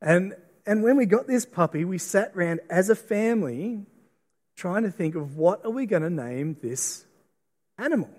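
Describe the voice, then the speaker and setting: A middle-aged Australian man preaches a sermon with a slightly raised pitch. He speaks earnestly, often repeating and restarting his words. His voice carries the long reverb of a church hall. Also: expressive, moderate pace, a little mellow. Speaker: pastor. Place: church auditorium.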